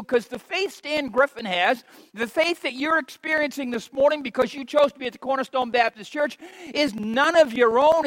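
A man in his fifties preaching an impassioned sermon in a church, swinging between soft, slow stretches and loud, emphatic repetitions. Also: very high voice, no echo, low-quality recording. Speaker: pastor.

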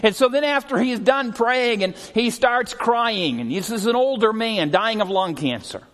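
A middle-aged man preaching a sermon as a pastor, telling stories earnestly and often slowing and dropping his voice for emphasis. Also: extremely high pitch, lively intonation, a bit bright. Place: church sanctuary. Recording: long hall reverb.

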